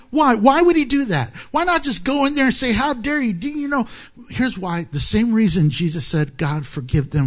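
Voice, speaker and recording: A man preaching a sermon, animated and joking, often laughing at his own asides. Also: high voice. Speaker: pastor.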